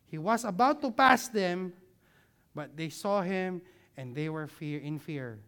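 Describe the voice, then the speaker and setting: Slow, high-voiced male preacher. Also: expressive, fairly bright tone, clean tone. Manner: preaching with slides, drops voice low for emphasis; leads the congregation in repeating words. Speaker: pastor. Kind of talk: sermon.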